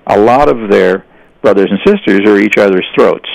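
A man's voice: on the low side, normal speed, vocal fry, a little mellow, highs cut off. An older man telling folksy stories in a rambling conversational way, often restarting his sentences. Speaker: guest. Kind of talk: storytelling in casual conversation.

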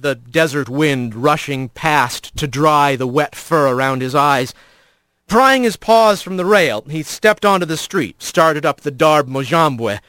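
A man narrating fiction in a dramatic, expressive audiobook reading. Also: fairly high pitch, no room sound, studio quality.

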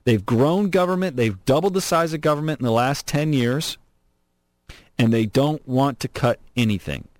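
A man hosting an opinionated political talk radio show from Southern California, animated, sarcastic and emphatic. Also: medium pitch, moderate pace, dry recording. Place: radio studio.

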